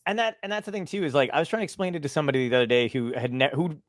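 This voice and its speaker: A man's voice: fairly high pitch, racing, no room sound, studio quality. A man hosting a casual comedy podcast, laughing often as he tells rambling, profane stories. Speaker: podcast host.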